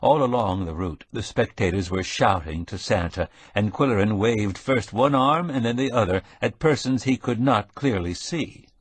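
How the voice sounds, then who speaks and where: A man narrating a mystery audiobook in a measured, steady storytelling manner. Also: on the low side, husky, no room sound. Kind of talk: scripted narration.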